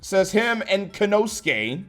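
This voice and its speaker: A man tears into a wrestling show with blunt, sweary sarcasm. His voice sits a little high for a man. Soft music plays faintly behind him. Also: very animated, takes it slowly. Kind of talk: profane ranting review.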